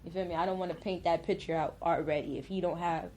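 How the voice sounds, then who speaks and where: A woman's voice: on the low side, fairly even intonation, quick pace, a little mellow, slight background noise. A woman being interviewed in a casual, candid chat. She drags out her words and has a slight lisp. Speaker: interview guest.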